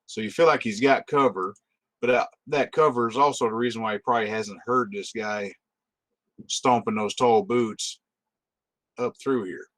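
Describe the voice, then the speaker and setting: A man runs a tabletop game in a relaxed, descriptive way. His voice sits at a middling pitch, and the sound is dry and close. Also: moderate pace, no echo. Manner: easygoing, descriptive. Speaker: game master.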